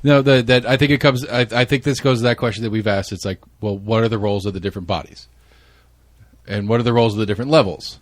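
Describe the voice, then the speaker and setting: A man's voice: on the low side, fairly even intonation, no room sound. A man hosting a casual political podcast chat, talking over others and restarting sentences. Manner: fast, restarts often, cuts in. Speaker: podcast host.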